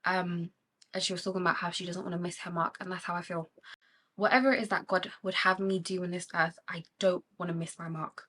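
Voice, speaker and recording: A woman's voice: fairly low pitch, flat delivery, a little fast, pushed and bright. A young woman with a British accent chatting candidly while doing her makeup, talking with emotion about faith and living with intention. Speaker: beauty vlogger.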